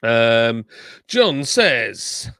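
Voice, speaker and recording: Male streamer, mid-pitched and gravelly, casual chat-reading host with a slightly sore tongue. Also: very animated, drawn-out words, fairly bright tone, no room sound, studio quality. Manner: chatty, reads viewer comments aloud, thanks subscribers. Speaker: livestream host.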